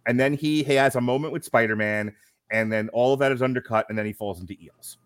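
A middle-aged podcast co-host with a mid-range voice talks fast in a casual film review chat. He's animated, laughs often and acts out quotes from the movie.

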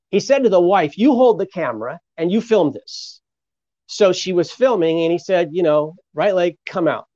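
A man's voice: on the high side, a little mellow, no echo. A man, a pastor, telling a story as an interview guest, acting out the voices of the people he quotes. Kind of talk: storytelling testimony. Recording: muffled lo-fi sound.

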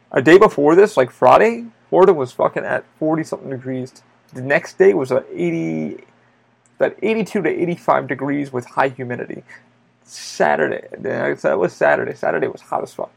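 A man's voice: fairly high pitch, fairly quick, vocal fry. A man hosting a podcast, telling a story in a loose, rambling way, with lots of swearing and filler words. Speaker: podcast host. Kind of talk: casual storytelling monologue.

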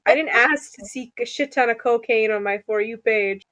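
Chatty young woman, slightly high voice. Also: moderate pace, fairly bright tone. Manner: chatty, laughs often, slips into joking put-on accents. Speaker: podcast co-host. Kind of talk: casual chat.

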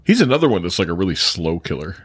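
A man's voice: sits low, very animated, fast talker, breathy edge, no room sound, studio quality. A man in a casual movie chat, joking around and chuckling often.

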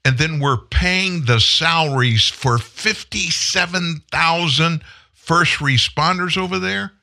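A man's voice: a little high, slow pace, vocal fry, sharp tone. A male host giving political commentary, indignant and full of rhetorical questions.

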